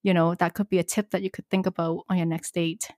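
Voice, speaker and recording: A woman's voice: on the low side, little pitch movement, quick pace, a little mellow, dry recording, clean studio sound. A woman co-hosting a podcast, giving advice in casual chat with many fillers. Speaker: podcast co-host giving dating tips.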